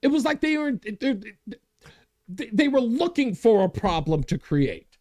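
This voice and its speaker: A male talk show host with a high, lively voice that swings widely in pitch. He rants with growing energy, laughs at himself and reads out viewer comments between his points. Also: unhurried. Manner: animated, gets worked up and laughs at himself.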